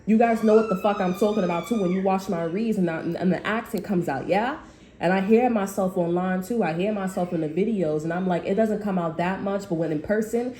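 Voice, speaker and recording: A woman's voice: on the low side, a little mellow, a little hiss or hum. A woman tarot reader in a casual, rambling spiritual monologue, blunt and full of swearing. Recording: echoey room.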